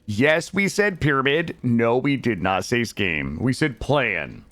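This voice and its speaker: A man's voice: medium pitch, animated, slow, fairly bright tone. A man from Vermont chatting casually with his live-stream chat while he plays, joking and swearing freely. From Vermont, USA. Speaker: gaming streamer.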